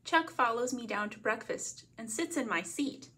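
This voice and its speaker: A woman from a library reading a picture book aloud as a bedtime story, in a gentle read-aloud manner. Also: fairly high pitch, lively intonation, moderate pace, breathy edge.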